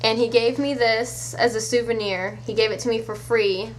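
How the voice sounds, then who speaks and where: A woman vlogger telling a story to camera in a casual, animated way, incredulous and swearing offhand. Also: a little high, normal speed, a little hiss or hum.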